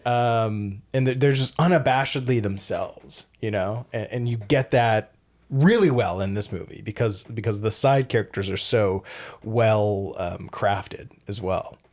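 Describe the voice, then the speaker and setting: A man's voice: fairly low pitch, a little mellow. A man co-hosting a casual movie podcast, thinking aloud with hesitant, searching phrasing. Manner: halting, many fillers and restarts while thinking aloud. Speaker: podcast co-host. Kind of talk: casual film discussion.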